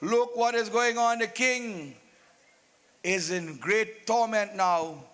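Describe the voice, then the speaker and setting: A high-voiced man narrates a religious folk play live, slipping in playful jokes. His voice booms with long echo through an open-air loudspeaker. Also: slow pace, clear, resonant tone. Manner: playful, joking asides. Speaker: stage narrator.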